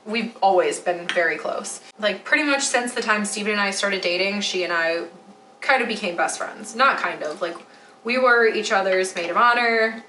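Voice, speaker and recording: A woman's voice: medium pitch, moderate pace, bright, forceful tone, echoey room, slight background noise, low-quality recording. A woman in her twenties from Metro Detroit, chatting casually while she bakes at home, rambling with lots of fillers. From Metro Detroit, USA. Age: 20s. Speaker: vlogger. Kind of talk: casual chat while baking. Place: home kitchen.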